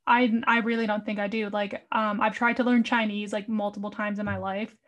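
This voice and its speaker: A young adult woman hosting a podcast in casual chat, talking in a monotone, rambling way with a slightly squeaky voice. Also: fairly quick. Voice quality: a little squeaky. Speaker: podcast host.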